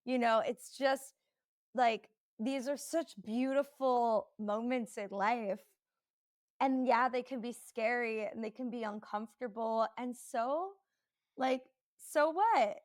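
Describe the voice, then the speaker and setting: A woman hosting a podcast, telling personal stories in an animated, chatty way and laughing easily. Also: fairly high pitch, slow, no room sound, studio quality. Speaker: podcast host. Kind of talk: casual podcast conversation.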